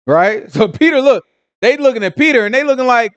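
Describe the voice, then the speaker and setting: A man's voice: very high-pitched, animated, a little fast, clear, resonant tone, no room sound, muffled recording. A man teaching a casual Bible lesson, retelling scripture in street slang and acting out the voices of onlookers while checking in with his listeners.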